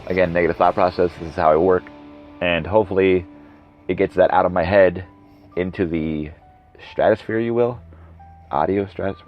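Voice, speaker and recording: A man in his thirties hosting a solo podcast, rambling casually, going off on tangents and correcting himself as he goes. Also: deep voice. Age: 30s. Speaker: podcast host. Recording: dull lo-fi recording with music behind. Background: background music.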